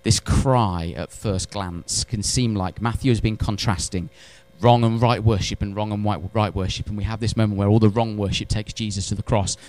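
Animated preacher, man. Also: lowish voice, normal speed, few pauses. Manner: animated preaching, swinging from loud to hushed, with wry asides. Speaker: pastor. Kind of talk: sermon. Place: church.

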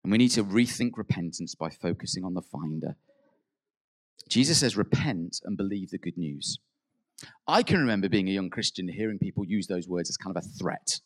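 Man, preacher, sermon, earnest, emphatic peaks, soft drops. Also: sits low, lively intonation, a little fast. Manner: acts out quoted prayers.

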